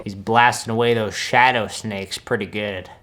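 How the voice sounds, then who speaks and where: A man's voice: fairly low pitch, fairly even intonation, moderate pace, a bit bright, soft background music, close to an everyday voice. A man playing a folksy country-boy wizard. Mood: smug. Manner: laid-back rambling drawl with folksy asides. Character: boastful country-boy male wizard reacting to films. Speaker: comedic film reactor. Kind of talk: deadpan comedic reaction.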